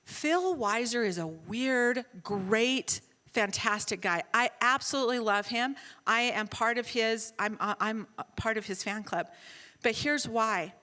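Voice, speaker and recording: Lively, bright-voiced middle-aged woman panelist. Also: on the high side, unhurried, in a large hall. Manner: animated, self-mocking, acts out dialogue. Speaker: conference panelist. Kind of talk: storytelling talk on a panel. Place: large conference hall.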